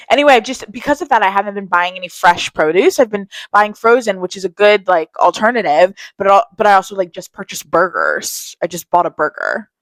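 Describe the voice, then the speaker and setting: A woman's voice: mid-range voice, a bit bright, no echo, low-quality recording. A young woman in casual vlog chat, telling candid stories about her day and swearing freely. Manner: chatty storytelling, candid and swearing. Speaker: vlogger.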